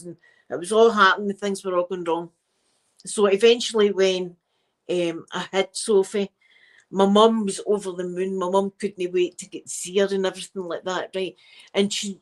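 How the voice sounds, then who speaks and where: A middle-aged woman with a Scottish accent tells stories to her stream viewers in a casual, animated way. She is chatty and self-mocking, and her voice sits at an ordinary middle pitch. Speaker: live stream host. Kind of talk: casual chat storytelling to viewers.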